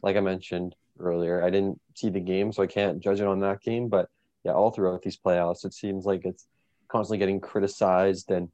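Man co-host, very low, mellow, even, measured. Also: no echo, muffled recording. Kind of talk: casual sports chat.

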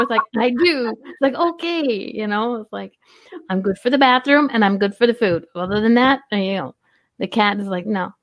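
A middle-aged woman hosting a casual live-streamed chat, laughing often and putting on little voices for her pets. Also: medium pitch. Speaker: host of a live-streamed talk show.

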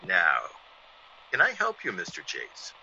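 An actor playing a suave, mysterious male intruder in an old-time radio drama, smooth and quietly mocking. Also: sits low, huge pitch swings, a little slow, a little hiss or hum, exaggerated voice. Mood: calm, teasing. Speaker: uninvited visitor. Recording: dull lo-fi old radio broadcast.

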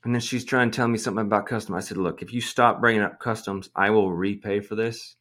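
A man on a casual podcast, telling a story in an animated, exasperated way and swearing freely. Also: lowish voice, fast. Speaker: podcast host.

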